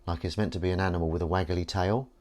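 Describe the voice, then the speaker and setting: A man's voice: sits low, fairly even intonation, quick pace, a little mellow. A man hosting a live stream at home, talking in a rambling, playful, self-mocking way. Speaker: livestream host. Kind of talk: casual live-stream chat.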